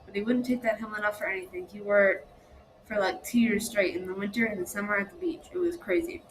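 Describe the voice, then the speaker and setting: A woman's voice: medium pitch, fast talker, lightly acted, poor audio. A woman voicing a breezy teenage girl. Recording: steady background noise.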